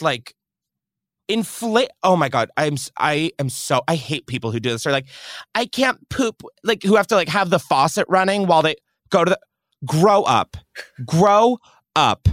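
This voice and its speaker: A man's voice: high voice, lively intonation, normal speed, fairly bright tone, no room sound. A podcast host, a man whose voice swoops up and down as he rants in theatrical, foul-mouthed outrage. The studio sound is dry and close, with no room around him. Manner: dramatic, profane, exaggerated outrage. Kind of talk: casual comedic rant.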